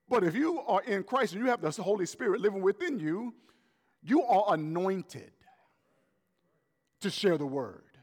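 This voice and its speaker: A man preaching a sermon as pastor, emphatic and animated, repeating his points for effect. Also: high-pitched, vocal fry, big-room sound.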